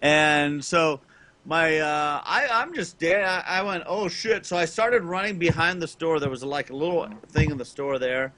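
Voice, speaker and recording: Male podcast co-host, bright and sharp tone, rambling storyteller who acts out the quotes. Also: on the high side, expressive, normal speed. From Los Angeles, California. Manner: rambling anecdote with loud acted-out quotes. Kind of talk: casual storytelling chat.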